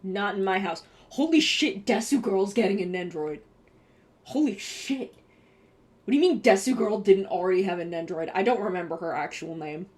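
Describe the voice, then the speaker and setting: A young adult woman chatting casually on a live stream, excitable and swearing, with bursts of gushing. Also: mid-range voice, normal speed.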